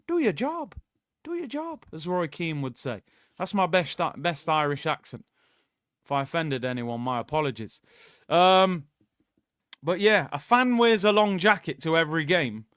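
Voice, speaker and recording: Young guy, watchalong host, high voice, dry close mic, sarcastic and exasperated, sudden excited shouts. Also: clean tone, no echo. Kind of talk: casual live-stream rant.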